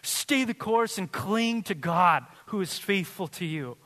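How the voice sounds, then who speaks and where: A man preaching a sermon, loose and conversational, often breaking into laughter. His voice is high and bright, and it rings through a large hall with a long echo. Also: animated. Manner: conversational and joking, with quick laughs. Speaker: pastor. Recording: reverberant hall.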